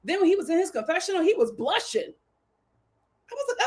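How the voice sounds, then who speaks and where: A woman's voice: extremely high pitch, big pitch swings, normal speed. A woman recapping a reality dating show, laughing often and repeating lines for emphasis.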